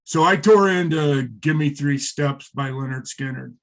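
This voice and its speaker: A middle-aged former wrestler, a guest in an interview, telling stories in a rambling, profane way with many fillers. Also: male voice, a little high, a little slow. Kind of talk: casual interview storytelling.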